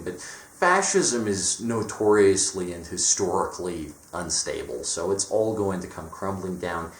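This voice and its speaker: A man's voice: low-pitched, slight background noise. A young man in a casual, profane monologue, blunt and mocking, often slipping into sarcastic quoted voices. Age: young adult. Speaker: vlogger. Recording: echoey room.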